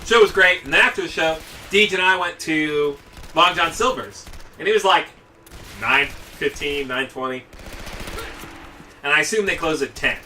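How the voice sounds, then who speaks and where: A man's voice: on the high side, normal speed, long pauses, sharp tone, far from the mic, slight background noise. A man telling a long, rambling, profane story during casual gaming commentary. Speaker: let's play commentator.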